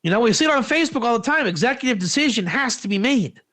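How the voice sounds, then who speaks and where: Animated high-voiced man teaching. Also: fast talker. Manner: animated, acts out quoted dialogue; conversational, rhetorical questions. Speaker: teacher of Proverbs. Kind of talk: informal religious teaching.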